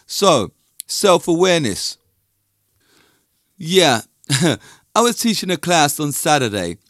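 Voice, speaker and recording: A man's voice: on the high side, very animated, slow, fairly bright tone, no echo, studio quality. A middle-aged man from London with a London accent, talking in a casual, rambling, opinionated monologue that drifts off topic. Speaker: music and dance teacher.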